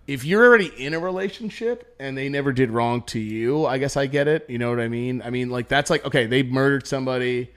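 A man chatting on a podcast with his buddies, swearing freely and telling stories with lots of energy. His voice sits at an ordinary middle pitch. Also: fast talker, hardly any pauses, clear, resonant tone. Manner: loose, profane, animated storytelling. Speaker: podcast host. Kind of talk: casual chat.

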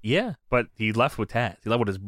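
A man's voice: mid-range voice, a little fast, no room sound, studio quality. A man co-hosting a podcast, animatedly retelling events in casual profane chat. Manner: animated storyteller, profane, laughs a lot. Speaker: podcast co-host. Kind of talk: casual chat about wrestling.

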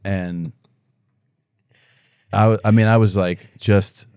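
A man's voice: on the low side, steady tone, takes it slowly, a little mellow, clear, resonant tone, no echo. A middle-aged man, a comedian guest, telling rambling stories in casual podcast chat and acting out what others said. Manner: rambling storytelling with quoted voices.

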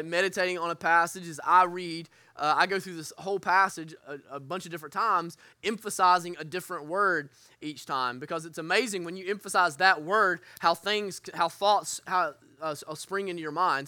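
A man's voice: sits high, sharp tone, dry recording. A man teaching a church group as their pastor, earnest and candid, often restarting his sentences. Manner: earnest, candid, self-deprecating with frequent restarts.

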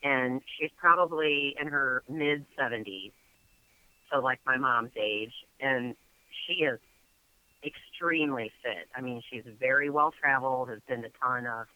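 A man's voice: medium pitch, a little slow, dry recording, narrow, tinny audio. A man telling a story casually as a guest, chatty and full of fillers.

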